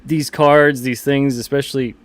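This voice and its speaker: A man talking casually as a comics publisher guest, enthusiastic and halting with many restarts. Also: medium pitch, level tone. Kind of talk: casual conversation.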